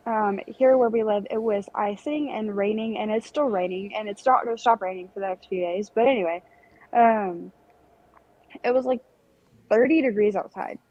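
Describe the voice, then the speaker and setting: A woman's voice: mid-range voice, normal speed, poor audio. A young woman co-hosting a podcast, rambling through a story in casual chat. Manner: rambling, animated storytelling with laughs. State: recovering from strep throat. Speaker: podcast co-host.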